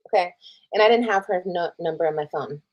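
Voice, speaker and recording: A woman's voice: fairly low pitch, fairly quick, highs cut off. A woman retelling a personal drama on a casual livestream, reading old texts aloud, swearing freely and reacting as she scrolls. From Texas. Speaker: streamer telling a personal story.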